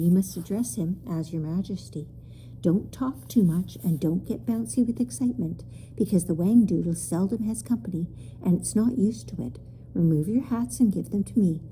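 A woman voicing a formal, stern male royal servant in a storybook reading, speaking quietly. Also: mid-range voice, slight background noise, lightly acted, low-quality recording.

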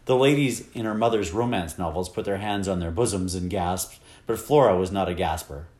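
A man reading a children's novel aloud with expressive, wide-ranging storytelling. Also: low-pitched, fairly quick, reverberant. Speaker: audiobook narrator. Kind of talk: scripted narration.

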